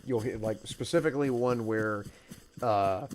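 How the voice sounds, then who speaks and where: A man's voice: mid-range voice, measured pace, noisy background. A young man streaming a survival game, chatting casually with a friend in a rambling, joking way. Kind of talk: casual gaming chat.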